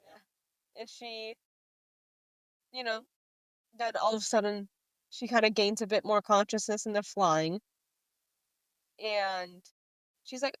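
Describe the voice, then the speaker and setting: A woman chats casually as a podcast co-host, retelling scenes and reading quotes aloud. Her voice sits at a middle pitch. The sound is dry and close, with no room echo. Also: measured pace, pauses often, clean tone. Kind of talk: casual book discussion.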